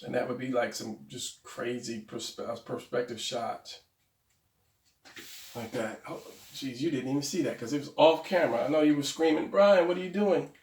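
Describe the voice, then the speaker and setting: A man talking viewers through a drawing tutorial in a casual, rambling way, correcting himself out loud as he sketches. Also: medium pitch, steady tone, normal speed, far from the mic. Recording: roomy, off-mic sound.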